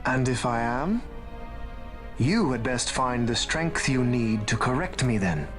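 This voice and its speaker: A man's voice: mid-range voice, very animated, a little slow, music in the background. An actor playing a commanding male warlord who gives stern, declamatory speeches to his troops.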